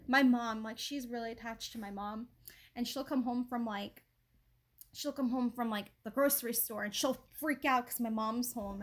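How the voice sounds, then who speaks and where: Woman, high voice, casual livestream host at home, rambly filler-heavy chat. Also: bright, forceful tone. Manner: rambling, chatty, lots of likes and ums; greets chat viewers by name.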